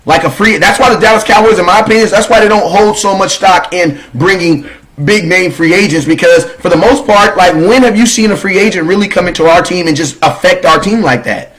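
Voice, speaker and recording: A man's voice: high-pitched, a little fast, a bit bright, poor audio. A man co-hosting a sports talk show, rambling casually with lots of fillers.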